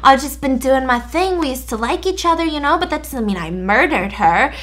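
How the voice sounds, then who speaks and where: Casting: a woman playing a nerdy young man, high and whiny, faking innocence, storytime voice. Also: animated, brisk, fairly bright tone. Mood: protesting innocence. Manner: whiny, high-pitched protesting.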